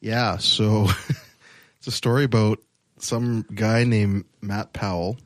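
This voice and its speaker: A man co-hosting a podcast, telling a story in a rambling, hesitant way with many pauses. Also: lowish voice, fairly even intonation, no echo, clean studio sound. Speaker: podcast co-host. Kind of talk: casual chat.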